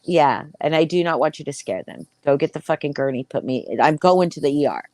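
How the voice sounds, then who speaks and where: A woman, around her thirties, telling a story in casual chat, profane and animated. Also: low-pitched, fairly quick, no echo. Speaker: podcast host.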